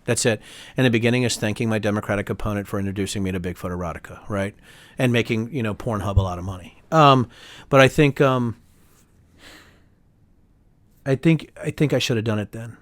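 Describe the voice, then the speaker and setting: A man's voice: fairly low pitch, quick pace, no room sound. A middle-aged man, a congressman and author, talking as an interview guest in a heated, emphatic way, tagging his points with "right?". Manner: emphatic and heated, quotes others in voices, sprinkles "right?". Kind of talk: animated interview talk.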